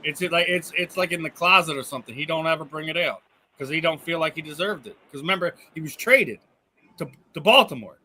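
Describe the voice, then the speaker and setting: A man co-hosts a sports talk stream, his voice bright and a touch high. He drops in short corrections and agreements rather than long speeches. The delivery stays casual and conversational. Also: expressive, brisk, a little hiss or hum, low-quality recording. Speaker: podcast co-host.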